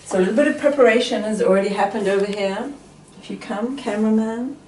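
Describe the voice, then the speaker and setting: A woman hosting a casual home cooking show, chatty, giving brisk instructions as she cooks. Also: mid-range voice, darkish tone, a little hiss or hum. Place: home kitchen. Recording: roomy kitchen, mic at a distance.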